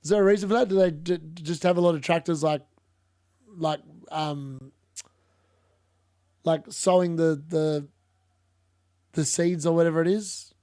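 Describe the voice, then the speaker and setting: A man's voice: a little high, steady tone, unhurried, long pauses, mellow, no room sound, clean studio sound. A young man streaming a live football watchalong, chatting casually, laughing and reading out chat. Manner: casual, chatty, laughs often, uses "mate".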